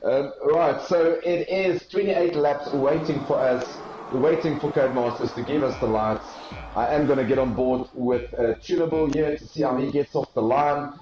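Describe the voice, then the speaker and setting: A South African-accented man calls an esports race live as an excitable play-by-play commentator, his pitch climbing with the action and his speech full of fillers. He talks at normal speed, and the audio is reverberant with cut-off highs and slight background noise.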